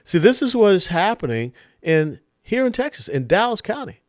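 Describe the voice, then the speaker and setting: A man's voice: high-pitched, sing-song, normal speed, no room sound, clean studio sound. A man delivering a political monologue as host, emphatic and punchy, leaning hard on stressed words. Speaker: political commentator hosting a monologue.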